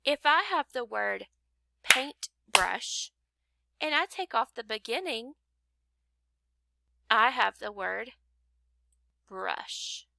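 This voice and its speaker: A woman teaches phonics at an unhurried pace, pausing to clap out each syllable. Her voice is bright and slightly high, with a heavy gravelly fry at the ends of phrases. The sound is close and dry. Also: expressive, dry recording. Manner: slow, patient, clapping out syllables. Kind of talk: phonics lesson to young learners.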